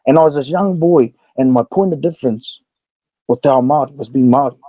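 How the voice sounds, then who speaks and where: A young man with a New Zealand accent, a podcast guest telling stories in an animated, fast-talking way. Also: mid-range voice, dry recording, poor audio. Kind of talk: casual storytelling.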